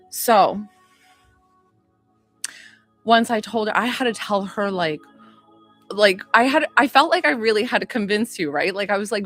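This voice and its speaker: A woman psychic healer chatting on a livestream, excitable and rambling, swearing now and then. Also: medium pitch. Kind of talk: casual livestream chat with viewers.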